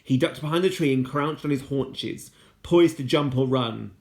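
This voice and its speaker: A man reading a children's novel aloud as a teacher, steady and unhurried, with casual asides when he slips. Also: medium pitch. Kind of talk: storybook read-aloud.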